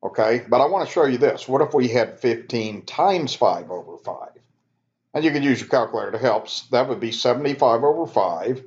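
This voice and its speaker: A man's voice: mid-range voice, brisk. Man, math instructor, casual step-by-step lecture voice, slightly muffled lo-fi recording. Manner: relaxed, conversational, self-correcting, talks students through steps. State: yawning, sleepy.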